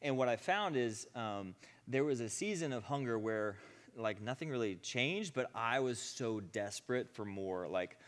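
A male preacher tells a testimony story, animated, acting out quotes and laughing often. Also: medium pitch, measured pace. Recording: long hall reverb.

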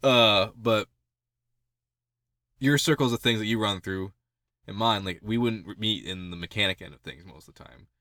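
A man co-hosting a podcast in casual chat, animated and laughing often through his jokes. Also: fairly low pitch, no echo, clean studio sound. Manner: animated, laughs often mid-sentence, quick jokey asides. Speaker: podcast co-host.

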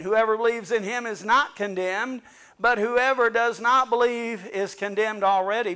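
A man's voice: high-pitched, sharp tone. A male pastor preaching a fervent sermon and reading scripture aloud to his congregation.

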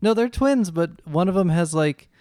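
A young man co-hosting a podcast in casual chat, animated and fond of mimicking voices. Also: high-pitched, normal speed, dry recording, studio quality. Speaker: podcast co-host.

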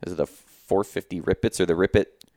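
A laid-back man with a low voice hosts a casual chat, hesitant and full of pauses. The sound is dry and close to the mic. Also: fairly even intonation, a little mellow, no room sound. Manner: laid-back, hesitant, many ums and restarts.

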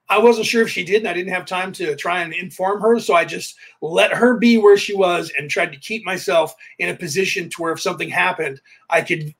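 Telling casual stories on his podcast, this man speaks in a husky, high-pitched voice with vocal fry. He stays animated throughout, acting out the dialogue in his anecdotes.

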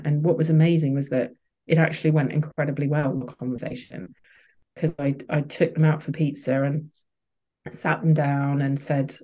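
A woman's voice: sits low, warm tone. Candid woman telling her story. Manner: open, emotional, many restarts and fillers. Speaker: podcast guest.

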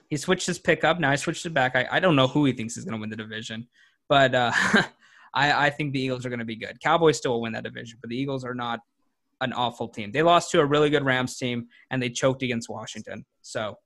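A man's voice: mid-range voice, a bit bright. Teasing young man co-hosting a sports podcast. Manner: teasing, rambling, quick jokes at his co-hosts. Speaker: podcast co-host. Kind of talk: casual sports chat.

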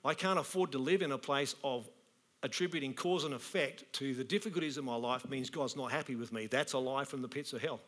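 A man, a pastor preaching a sermon in a colloquial, animated way. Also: medium pitch, fairly quick.

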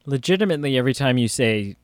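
A man's voice: mid-range voice, animated, very fast, no echo, clean studio sound. A man co-hosting a podcast in casual chat, jokey and rambling, often trailing off and restarting. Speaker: podcast co-host. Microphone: phone that cuts out.

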